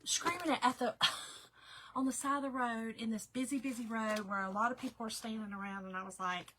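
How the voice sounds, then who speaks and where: A woman's voice: a little high, steady tone, a little fast, background noise. A middle-aged woman, chatting casually with viewers while hosting a craft livestream. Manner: chatty, talks to viewers by name. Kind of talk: casual chat.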